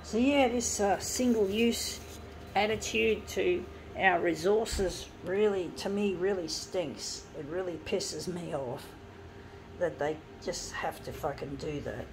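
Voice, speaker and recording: A woman's voice: lowish voice, takes it slowly, background noise. A woman ranting angrily and swearing while working on a craft project, indignant and blunt. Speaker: craft vlogger.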